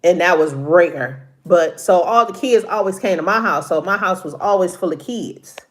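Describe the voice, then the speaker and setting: Middle-aged lady chatting on a livestream, bit congested, lowish voice, laughs a lot. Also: expressive, moderate pace. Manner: chatty, laughs often, Southern US vernacular. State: congested from allergies. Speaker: live-stream host. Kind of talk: casual live-stream chat with viewers.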